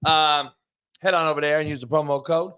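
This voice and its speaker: A man hosts a sports talk show in a brash, profane way. His voice is forceful and bright and sits a bit high for a man. He drags some phrases out slowly and rattles others off fast. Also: fairly even intonation, clear, resonant tone. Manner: brash, profane, shifts between drawn-out emphasis and quick bursts. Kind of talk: loud casual sports talk with ad reads.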